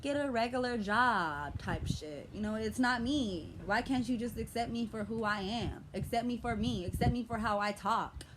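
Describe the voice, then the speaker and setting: A woman's voice: a little high, moderate pace, few pauses, background noise. A young woman with an American urban vernacular accent, venting in a vlog, talking in a passionate, aggressive, profane way. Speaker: vlogger. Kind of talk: emotional vlog rant.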